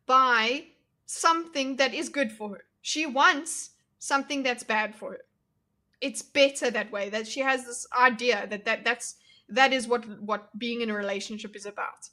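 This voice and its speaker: A woman's voice: on the high side, unhurried, pushed and bright. A young woman streaming reaction commentary, talking casually to her chat with blunt, mocking asides.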